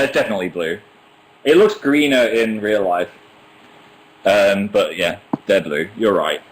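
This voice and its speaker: Streaming casually from his home, a young British man with a lowish voice reads out viewer comments and pokes fun at himself as he chats. He's using his laptop's webcam mic, and the recording sounds rough.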